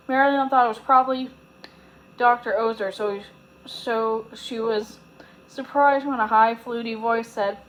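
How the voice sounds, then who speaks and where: A woman reading a children's chapter book aloud in a clear, steady storytelling voice, with a few slips. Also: on the high side, normal speed, low-quality recording. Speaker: storybook reader.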